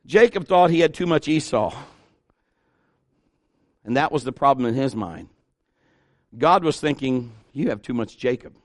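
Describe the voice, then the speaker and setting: A middle-aged pastor preaching an animated sermon, acting out the people he quotes. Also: a little high, dry recording, studio quality.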